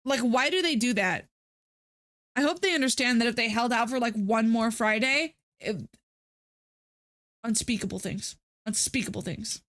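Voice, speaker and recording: A woman's voice: on the high side, moderate pace, fairly bright tone. A young woman streamer chatting casually to her viewers, ranting with dramatic, exasperated outbursts. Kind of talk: casual live-stream chat.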